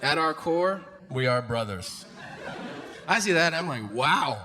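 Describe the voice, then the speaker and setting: A man performing a stand-up comedy set, telling stories and acting out other people's voices and shouts. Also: on the high side, slow, a crowd in the background. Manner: animated storytelling, acts out voices and shouts. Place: comedy stage before a live audience. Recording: live room with audience noise.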